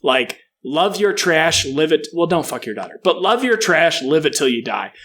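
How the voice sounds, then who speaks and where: A man's voice: fairly high pitch, sing-song, normal speed, bright, forceful tone. A man co-hosting a casual comedy podcast, ranting profanely and doing mocking impressions. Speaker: podcast co-host.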